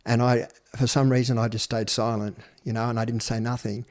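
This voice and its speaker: Australian man, 50s, podcast guest; blunt, salty storyteller at a middle pitch. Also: flat delivery, brisk, darkish tone. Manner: blunt, swears freely, acts out quoted speech. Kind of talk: personal storytelling interview.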